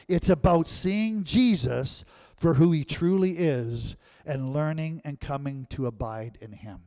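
A man preaching a sermon as pastor, animated and often checking in with the congregation. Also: on the high side.

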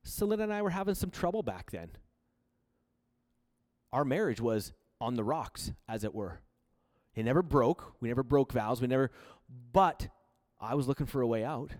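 A man's voice: medium pitch, lively intonation, normal speed, pauses often, a little mellow. A man from Canada preaching a sermon, telling his own story in an earnest, confessional way. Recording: long hall reverb.

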